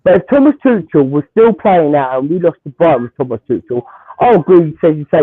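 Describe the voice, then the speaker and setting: A man, a Chelsea fan arguing football in heated banter, animated and repetitive as he talks over the host. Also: on the high side, brisk, no echo, narrow, tinny audio. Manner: animated, repeats himself, talks over others.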